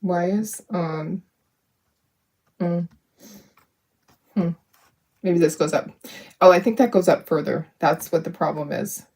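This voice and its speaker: A woman's voice: lowish voice, slow, pauses often, a little mellow, breathy edge. A woman hosting a live crafting demo, talking herself through each step, upbeat and self-deprecating, laughing often. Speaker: craft livestream host.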